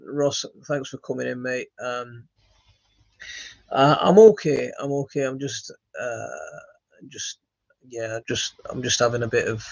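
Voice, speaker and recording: A man hosting a gardening live stream, reading chat comments and answering in a halting, friendly way with lots of fillers and restarts. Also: medium pitch, creaky, dry recording. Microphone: phone. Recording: dry, dull lo-fi phone audio.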